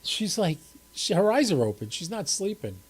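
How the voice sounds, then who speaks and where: With slight background noise behind him, an older man speaks at normal speed in a high-pitched voice full of big pitch swings. Nasal from a cold, he hosts a ham radio livestream from a room at home, seated on camera and chatting loosely with his viewers.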